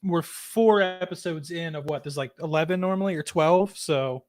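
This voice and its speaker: Male podcast host, higher-pitched, casual and rambling. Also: normal speed. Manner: chatty, rambling with many fillers. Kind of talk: casual chat.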